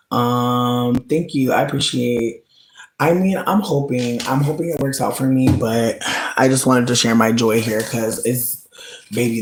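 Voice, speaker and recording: A man's voice: mid-range voice, a little hiss or hum. A man streaming and chatting with viewers, rambling and swearing with many fillers, often laughing as he talks. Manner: rambling, profane, full of "like" fillers; laughs often while talking. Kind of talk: casual livestream chat. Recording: roomy echo.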